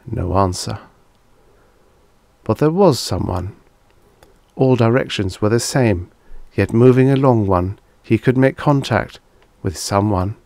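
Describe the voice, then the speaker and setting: Slow, low-voiced male audiobook narrator. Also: expressive, vocal fry, darkish tone, no echo. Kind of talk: scripted narration.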